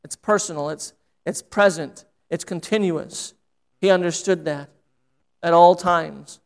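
A man's voice: fairly high pitch, a little slow, vocal fry. A man preaching a sermon as pastor, earnest and repeating phrases for emphasis.

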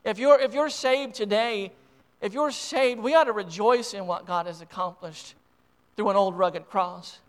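A high-pitched American man delivers a sermon from the pulpit with a smooth, resonant tone. He preaches with deep emotion and rising conviction, often repeating and restarting his words. His passion carries from quiet reflection to fervent appeals. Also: unhurried. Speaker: pastor.

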